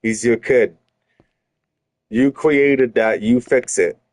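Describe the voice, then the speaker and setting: A man's voice: mid-range voice, steady tone, slow, dry recording. A man streaming, telling an angry story with constant swearing and heated retorts. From Canada. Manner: heated, profane, rising to shouted retorts.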